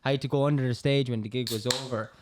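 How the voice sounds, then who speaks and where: A man's voice: mid-range voice, fairly even intonation, quick pace, background noise. A young Irish man telling rambling, laugh-filled stories in a casual pub chat. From Ireland. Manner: rambling storyteller, laughs often. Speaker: co-host.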